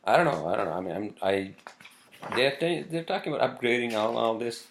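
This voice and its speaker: A man hosting a casual solo show, rambling and swearing freely with plenty of halting. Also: medium pitch, expressive, creaky, slight background noise. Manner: rambling, profane, halting with fillers. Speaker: podcast host.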